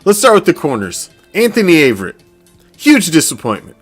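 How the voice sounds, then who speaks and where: A man's voice: fairly high pitch, huge pitch swings, a little fast, soft background music. A man hosting a sports fan podcast, ranting in a profane, gloating way and laughing often. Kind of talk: fan reaction rant.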